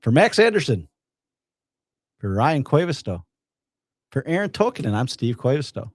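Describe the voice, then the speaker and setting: A man's voice: mid-range voice, sing-song, normal speed, no echo. A man hosting a casual live podcast, joking and easygoing. His voice sits mid-range and sounds close and dry on the mic. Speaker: podcast co-host. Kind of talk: casual chat.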